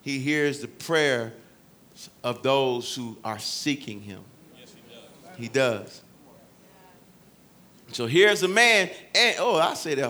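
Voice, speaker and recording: High, bright-voiced preaching man. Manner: preaching with dramatic voiced quotes, shifting loud and soft. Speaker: pastor. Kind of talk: sermon.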